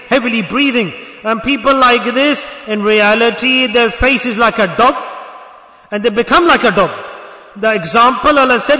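Man preaching a sermon, really high bright voice, big echo. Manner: exhorting, rhetorical questions to the congregation. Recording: echoey hall.

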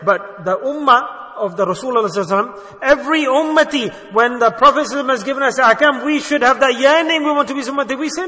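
A man delivers an earnest sermon and keeps putting questions to his listeners. His voice sits high and sounds bright and forceful. The hall around him rings with a long echo. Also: racing, few pauses. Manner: earnest, rhetorical questions to the audience. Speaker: Islamic preacher.

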